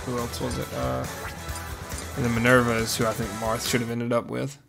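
A joking man chatting casually with friends while he plays a game. His pitch sits at an average level, and he jumps into loud outbursts between laughs. Game music plays clearly behind him. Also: flat delivery, a little fast. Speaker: streamer. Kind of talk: casual gaming chat.

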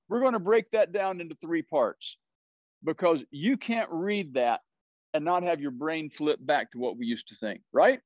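A man's voice: a little high, expressive, moderate pace, no echo, highs cut off. Southern man teaching a Bible study. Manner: explanatory, often checks with "right?".

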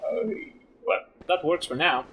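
A man commentating a video game, excitable and given to loud goofy exclamations. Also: on the high side, measured pace, husky. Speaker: gaming commentator. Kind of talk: let's play commentary.

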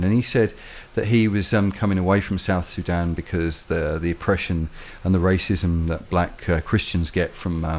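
Low-pitched guy rambling on in a casual chat, animated storyteller. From London, England. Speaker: co-host. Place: home in the Philippines.

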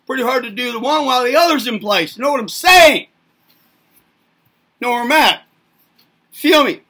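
High-voiced, bright rambling man lecturing. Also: slightly rough. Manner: rambling, rhetorical questions, casual swearing. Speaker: self-help speaker. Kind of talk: informal lecturing monologue.

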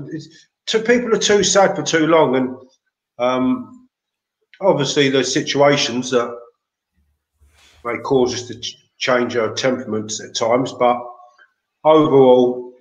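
An English man telling lively, slang-filled anecdotes as an interview guest, laughing as he goes. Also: mid-range voice, normal speed, roomy sound. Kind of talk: casual storytelling.

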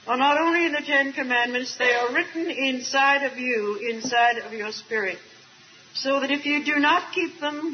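An older woman preaching a sermon at a retreat, earnest and emphatic, drawing out key words slowly with a light aside now and then. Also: sits high, a little hiss or hum. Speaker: speaker at a Christian retreat. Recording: dull archival tape recording.

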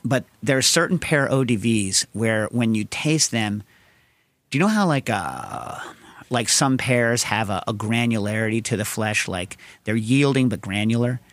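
A man's voice: on the low side, moderate pace, no echo. A man hosting a podcast, answering listener questions in a casual, rambling style full of tangents. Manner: rambling, tangent-prone, animated storytelling. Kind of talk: casual chat.

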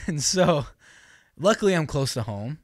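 A man's voice: a little high, unhurried, no room sound, clean studio sound. Laughing young man telling stories. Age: 20s. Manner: animated storytelling with laughs and acted-out quotes. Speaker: podcast host. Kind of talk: casual chat.

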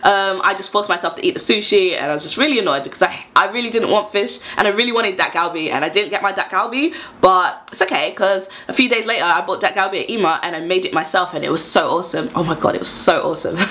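Bright-voiced young woman. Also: mid-range voice, fast talker, few pauses. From London, England. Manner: chatty, laughs often while telling stories. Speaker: vlogger. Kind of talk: casual storytelling to camera.

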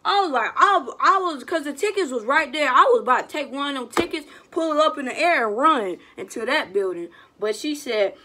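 Slangy, animated young woman. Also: sits high, a little fast, few pauses. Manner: animated, slangy retelling with quoted voices. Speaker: vlogger. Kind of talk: storytime vlog, casual chat.

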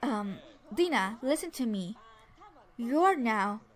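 A woman's voice: a little high, animated, slow pace. A woman casually narrating a life-simulation game and voicing the characters' dialogue herself. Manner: chatty, voices dialogue for the sims, many restarts. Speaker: let's play narrator. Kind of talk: casual game commentary with voiced character lines.

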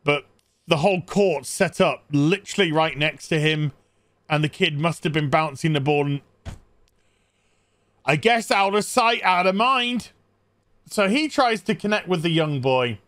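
Brief: high-pitched man, dry close sound, sarcastic comedy movie recap. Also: animated, measured pace, pauses often, fairly bright tone, no echo. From England. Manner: sarcastic, acting out characters in silly voices. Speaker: movie reviewer.

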